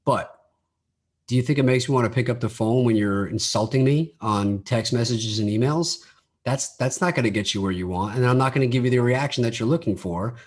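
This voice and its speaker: Male solo podcast host, casual conversational delivery, mid pitch, loose restarts. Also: a little fast. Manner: conversational, repeats words when starting sentences; acts out quoted dialogue in his own voice.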